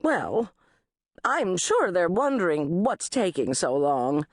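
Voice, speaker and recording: A woman's voice: lowish voice, big pitch swings, takes it slowly, no room sound, clean studio sound, pitched above the performer's own voice, exaggerated voice. A woman voicing a flustered, rambling middle-aged stepmother in an audiobook. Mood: anxious. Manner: flustered, rambling, half-finished sentences.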